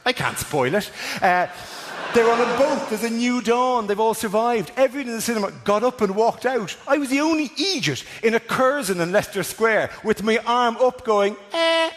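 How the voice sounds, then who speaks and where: Man, Irish accent, stand-up comedian, animated delivery, long reverberant hall. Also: sits high, slight background noise. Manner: animated, swings into loud shouted bits and quieter asides. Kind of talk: stand-up routine. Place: theatre stage. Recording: live stage recording in a reverberant hall with audience.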